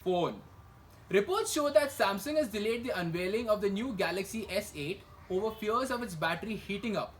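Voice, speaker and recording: A man's voice: high voice, animated, moderate pace, slight background noise, poor audio. A young man hosting a satirical news show, full of sarcastic asides and rhetorical questions. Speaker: comedy news show host.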